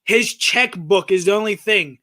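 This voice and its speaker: A man's voice: high-pitched, moderate pace, bright, forceful tone, no echo, studio quality. A man co-hosting a casual wrestling talk show who keeps cutting in to challenge and argue with the host. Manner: interrupting, argumentative, challenging the host.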